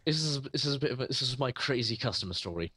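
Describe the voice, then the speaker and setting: A man's voice: medium pitch, expressive, rapid-fire, sharp tone, breathy edge, no room sound. Rambling man telling a story. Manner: rambling, hesitant storytelling with many fillers. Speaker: computer repair shop owner, podcast co-host. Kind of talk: casual chat.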